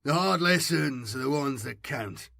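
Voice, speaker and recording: A man's voice: mid-range voice, animated, a little slow, creaky, pushed and bright, no room sound, full character voice. Hard old soldier grandpa, snapping orders; a male narrator does him in a dry booth. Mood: stern. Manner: harsh, snapping, commanding. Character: gruff stern old male veteran grandfather. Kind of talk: audiobook character reading.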